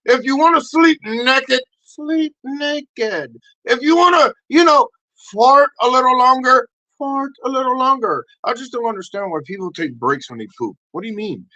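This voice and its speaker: A man hosting a livestream, rambling through a crude comic rant, acting out little voices and bursting into shouts. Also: sits high, rough recording. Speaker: livestream host.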